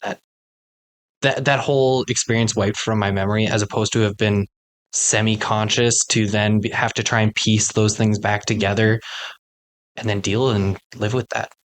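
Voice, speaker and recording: A man's voice: lowish voice, little pitch movement, moderate pace. A man co-hosts a podcast in easy, casual talk. He rambles through his points, restarting often and leaning on filler words. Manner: rambling, many fillers like "like" and "you know". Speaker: podcast co-host. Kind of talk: casual chat.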